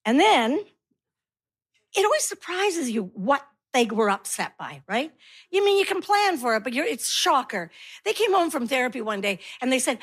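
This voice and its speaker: Middle-aged woman doing stand-up, high pitched, does lots of little voices for her kids, crowd laughing along. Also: normal speed, breathy edge. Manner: animated, acts out kids and herself in voices. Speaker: stand-up comedian. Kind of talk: stand-up comedy routine. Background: audience laughter.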